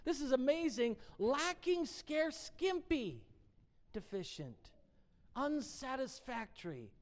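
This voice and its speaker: Her voice sits high, slow and sing-song, as she leads a casual devotional Bible teaching. She emphatically reads out definitions, lingers on single words and poses rhetorical questions to those listening.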